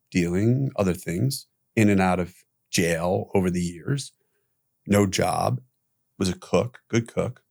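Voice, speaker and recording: A middle-aged man telling his own story as a podcast guest, candid and animated, swearing freely. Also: deep voice, gravelly.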